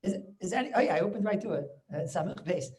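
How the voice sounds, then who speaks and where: Here the rabbi's voice sits high, with a darkish tone and lively intonation, as he delivers a Talmud lecture by video call. Quick check-in questions to his students punctuate the talk, along with repeated words and restarts.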